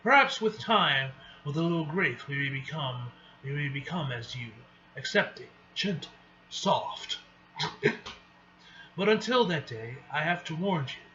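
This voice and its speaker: A man reading the lines of a stern warrior leader in a grave, halting manner. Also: on the high side, expressive, pushed and bright. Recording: dull lo-fi with faint hiss.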